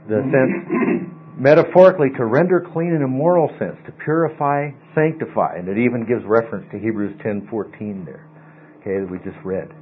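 A man leads a Bible study class, walking his students through verb tenses and word meanings and pausing often to check that they follow. The sound is thin and phone-like, with a faint hum of mains power behind him. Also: medium pitch. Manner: explanatory, often asks okay.

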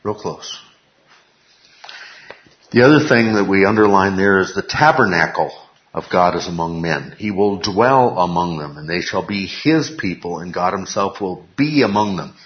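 Male Bible teacher, low-ish voice, emphatic and repetitive, echoey lo-fi room sound. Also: lively intonation, normal speed. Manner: emphatic, repeats key phrases, asks the class questions.

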